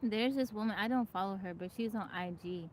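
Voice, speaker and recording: A woman's voice: medium pitch, fairly quick, darkish tone, a little hiss or hum, rough recording. Chatty woman livestreaming outdoors. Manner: chatty, greets viewers by name, laughs often. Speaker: livestream host. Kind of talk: casual live chat. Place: outdoors in nature. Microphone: phone.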